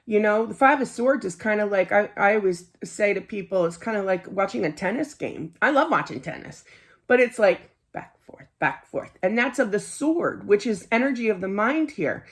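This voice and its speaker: A woman's voice: mid-range voice, lively intonation, moderate pace. A middle-aged woman giving a casual tarot reading in a chatty, earnest way, laughing easily and often saying "you know.". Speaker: tarot card reader.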